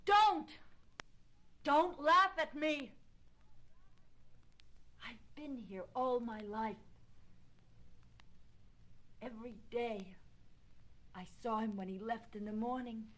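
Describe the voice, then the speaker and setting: A woman's voice: fairly high pitch, steady tone, takes it slowly, pauses often, low-quality recording. An actress playing an anxious, torn young woman from Brooklyn who speaks in an earnest, pleading way. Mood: upset. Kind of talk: film drama acting.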